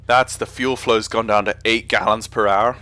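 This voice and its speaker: A man's voice: lowish voice, fairly even intonation, normal speed, sharp tone, dry recording. A man with an English accent chatting casually on a live stream while flying a simulator, rambling and often correcting himself. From England. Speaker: flight sim streamer.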